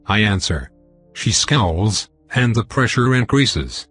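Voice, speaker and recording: A man narrating a dark fantasy novel in the first person, with a measured, dramatic reading. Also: on the low side, very animated, breathy edge, soft background music. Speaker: audiobook narrator.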